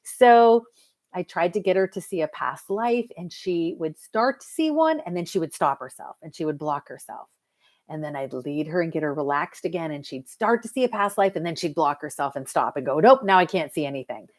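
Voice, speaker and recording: A woman hypnotherapist chatting casually to viewers on a live stream, lively and talking straight to her audience. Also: deep voice, moderate pace. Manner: chatty and lively, addresses viewers as "you guys". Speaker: hypnotherapist and mentor.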